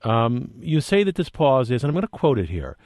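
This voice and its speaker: A man hosting a radio interview, smoothly giving call-in numbers and quoting from a book. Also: mid-range voice, very animated, a little fast, darkish tone, no room sound, clean studio sound. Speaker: radio show host.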